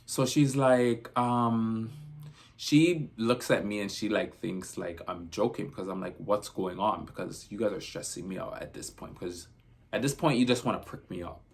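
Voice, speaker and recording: A man's voice: fairly low pitch, moderate pace. A man vlogging a casual storytime, rambling through his retelling and leaning on constant "I'm like" to report what was said.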